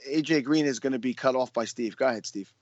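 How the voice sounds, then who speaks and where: A man's voice: medium pitch, quick pace, dry recording, lo-fi sound. A man co-hosting a casual podcast, joking and playful. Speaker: podcast co-host.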